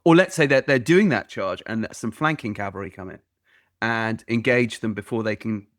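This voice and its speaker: A man's voice: on the low side, normal speed, fairly bright tone, no room sound, clean studio sound. A man hosting a podcast, who asks questions in an engaged way and adds his own points. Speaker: podcast host. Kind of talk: casual interview chat.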